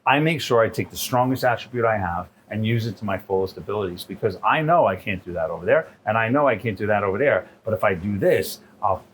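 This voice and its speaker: Animated New chef telling stories. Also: male voice, lowish voice, fast, hardly any pauses, slight background noise. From New York. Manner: animated, profane, repeats "right?". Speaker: chef guest. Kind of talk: casual storytelling interview.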